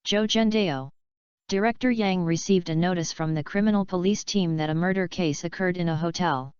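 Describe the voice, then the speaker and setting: A woman voicing a calm, polite young man who is a capable detective, read in a plain, even manner. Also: lowish voice, moderate pace, smooth, no room sound, muffled recording, close to an everyday voice.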